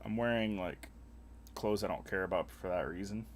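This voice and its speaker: A young male streamer talks to his viewers while he plays. His voice sits a little low, and he rambles in a crude, joking way. A light noise runs under the recording. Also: moderate pace. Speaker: live streamer. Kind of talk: casual gaming stream chat.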